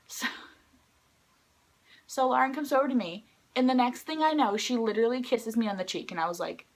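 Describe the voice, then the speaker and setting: Chatty young woman, slightly high voice. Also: moderate pace. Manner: excited, rambling, heavy use of "like"; acts out quoted lines in a higher voice. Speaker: vlogger. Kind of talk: casual storytelling vlog.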